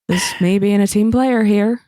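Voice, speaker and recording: A woman's voice: mid-range voice, normal speed, dark tone, dry recording, clean studio sound. A woman playing a tabletop game, chatty and laughing, who says "wee bit" and "me darling". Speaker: player.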